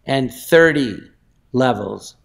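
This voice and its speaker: A man trades jabs as a guest in an improvised comedy interview. His voice sits in an ordinary middle range, and his talk is halting and full of restarts. Now and then it flares up into shouting. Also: medium pitch, lively intonation, vocal fry.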